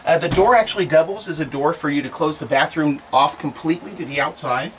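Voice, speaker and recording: High-pitched guy selling an rv, folksy and chatty, lot noise behind him. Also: quick pace. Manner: upbeat, folksy sales patter. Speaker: RV salesman. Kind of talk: walkaround sales video. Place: in and around a motorhome on a sales lot.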